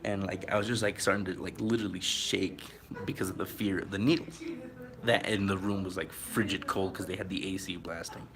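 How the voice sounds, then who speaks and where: A man's voice: low voice, fairly even intonation, fairly quick, vocal fry, a bit bright, a little hiss or hum. A man telling a story to his viewers in a casual, rambling way, full of fillers and a little out of breath. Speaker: vlogger.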